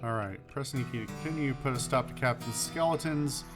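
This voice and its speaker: Over background music, a brisk man with a medium-pitched voice plays a comedy western game. In casual let's play commentary, he reads the game's text aloud and adds wry, offhand asides.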